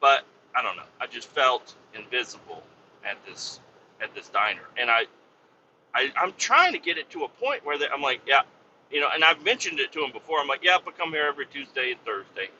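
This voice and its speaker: A man's voice: mid-range voice, very animated, a little fast, pushed and bright. A man telling a rambling story in a casual, exasperated way, swearing freely. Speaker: podcast host. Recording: dull, slightly lo-fi sound with faint noise.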